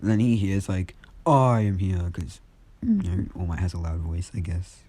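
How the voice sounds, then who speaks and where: A young man casually retelling a fan story in a rambling, filler-heavy way. His voice is low and very dark, mellow rather than bright. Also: steady tone, normal speed, husky. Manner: rambling, full of fillers and restarts.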